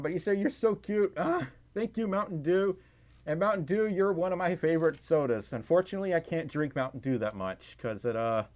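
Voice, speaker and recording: Chatty male streamer, slightly high and very animated pitch, giggles often, rambles through viewer chat. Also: muffled recording. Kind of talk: casual livestream chat. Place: indoors at home, in a fursuit.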